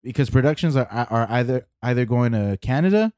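A man in his forties talks loosely on a podcast, leaning on fillers and repeating himself. His voice sits at an ordinary pitch. The recording is dry and close. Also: a little fast, clean tone, dry recording. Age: 40s. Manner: relaxed, filler-heavy, repeats words. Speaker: podcast co-host. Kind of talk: casual chat.

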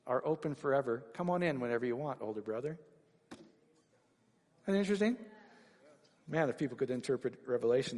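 Excitable preacher man in a reverberant hall. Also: mid-range voice. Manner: animated, rising to excited shouts. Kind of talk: sermon.

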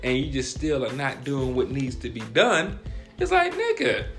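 A man co-hosting a podcast in casual chat, animated and profane, sometimes reading examples aloud. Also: medium pitch, normal speed, faint music behind. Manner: reads examples aloud from a text. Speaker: podcast co-host.

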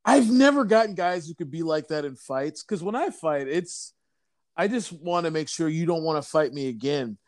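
A man's voice: a little high, expressive, normal speed, no room sound, clean studio sound. Rambling man in casual chat. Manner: rambling, many fillers.

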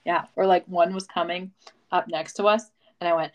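A woman's voice: medium pitch, lively intonation, moderate pace, low-quality recording. A young woman co-hosting a casual chat, laughing often and acting out stories with dramatic voices. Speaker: podcast co-host.

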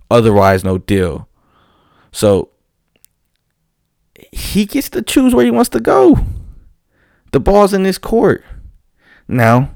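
A man talking in a casual monologue as a football fan commentator, animated and profane, rambling with frequent restarts. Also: fairly low pitch, dry recording, clean studio sound.

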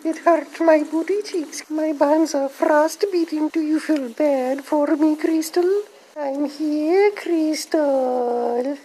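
Man doing a squeaky, drawn-out creepy pest voice; slow and sing-song. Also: warm tone, slight background noise, poor audio.

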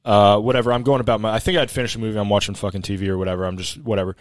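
A man's voice: fairly low pitch, steady tone, racing, no room sound. A young man and podcast co-host telling a story in casual chat, laid-back, profane and rambling.

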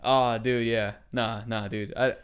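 A man's voice: mid-range voice, little pitch movement, slow pace, smooth. A man co-hosting a podcast in casual chat, rambling with lots of fillers and swearing. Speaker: podcast co-host.

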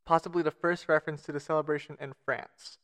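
Guy cohosting a podcast, smooth clear voice, a bit high, jokey and self-deprecating. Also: flat delivery, fast talker, fairly bright tone. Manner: joking, self-mocking, stumbles over foreign names. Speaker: podcast co-host. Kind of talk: casual podcast chat, reading out facts.

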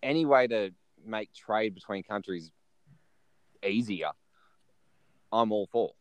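An Australian man chatting as a guest in a relaxed, easygoing and self-deprecating way. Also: fairly low pitch, takes it slowly, dry recording. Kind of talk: casual chat.

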